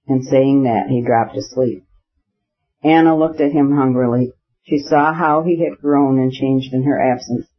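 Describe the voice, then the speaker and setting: A man narrating a classic novel as an audiobook in an even, measured reading voice; the recording is slightly muffled. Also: mid-range voice.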